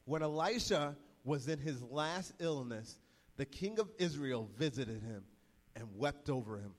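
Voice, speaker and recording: A man preaching a sermon, retelling the story in a casual, energetic voice full of slang. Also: mid-range voice, measured pace, in a large hall.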